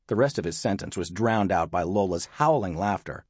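Lively, husky male audiobook narrator. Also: low voice, moderate pace, few pauses, no room sound, studio quality. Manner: expressive, lively storytelling. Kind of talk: scripted narration.

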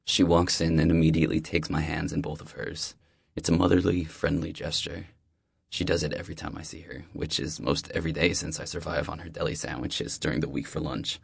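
A man's voice: a bass voice, steady tone, fairly quick, vocal fry, husky, dry recording, clean studio sound. A man narrating a first-person audiobook in a reflective, wry, confiding way.

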